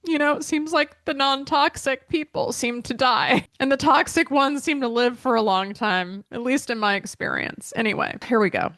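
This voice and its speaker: A woman's voice: high-pitched, normal speed, hardly any pauses, a bit bright, dry recording, clean studio sound. A woman hosting her own podcast in a chatty, emotional way, full of fillers, near tears as she speaks. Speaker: podcast host and business coach. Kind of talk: casual solo podcast talk.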